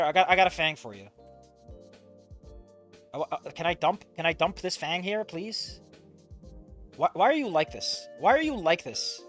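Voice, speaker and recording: A young man streaming a game and ranting, excitable and swearing, jumping from loud outbursts to low muttering. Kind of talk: live reaction commentary.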